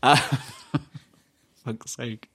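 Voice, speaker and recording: A man's voice: medium pitch, steady tone, extremely slow, gravelly, fairly bright tone. A man co-hosting a casual podcast, telling rambling stories with lots of laughter and swearing. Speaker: podcast co-host.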